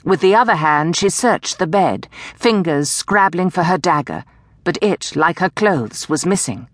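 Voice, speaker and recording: A woman narrating an audiobook in a measured, dramatic storytelling manner, dropping to a hush for whispered lines, recorded close on a studio mic in a booth. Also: low-pitched, expressive, no echo. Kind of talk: scripted narration of a historical romance.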